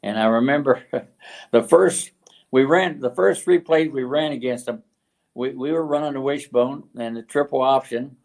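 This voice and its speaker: An older retired football coach from West Virginia, USA, tells stories as an interview guest. His speech halts often and is full of fillers and restarts, in a mid-range voice with vocal fry and a darkish tone.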